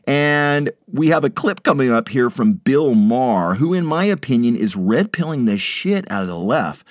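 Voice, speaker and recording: A man's voice: dry recording, studio quality. A man hosting a podcast, reading out quotes and adding sarcastic asides in a dropped voice. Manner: sarcastic asides, drops voice low after quotes. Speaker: podcast host.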